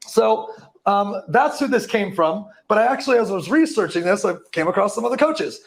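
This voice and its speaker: A man's voice: high-pitched, expressive, brisk. A man giving a live motivational talk to an audience, hyped and profane, tripping over words now and then. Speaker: motivational speaker.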